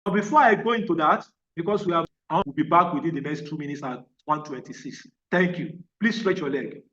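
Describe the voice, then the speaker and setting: A man lectures on physiotherapy in a high-pitched, emphatic voice, stopping often to ask whether the class is following. He sounds set back from the microphone. The recording is dull and muffled. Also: a little fast, fairly bright tone, far from the mic. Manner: emphatic, repeats questions to check understanding. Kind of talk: online training lecture.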